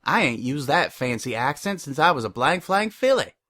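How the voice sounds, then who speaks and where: A man's voice: a little high, big pitch swings, normal speed, bright, forceful tone, no room sound, studio quality, exaggerated voice. A man voicing a plainspoken farm mare with a folksy country drawl. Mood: wry.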